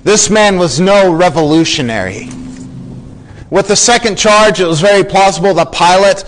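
A man's voice: high-pitched, moderate pace, slight background noise, low-quality recording. A man preaching a sermon as a pastor, explaining scripture earnestly and acting out the quoted lines.

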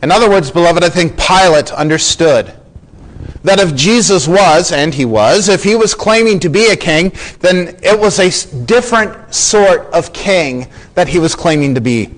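A man's voice: sits high, lively intonation, normal speed, rough recording. A man preaching a sermon as a pastor, explaining scripture earnestly and acting out the quoted lines.

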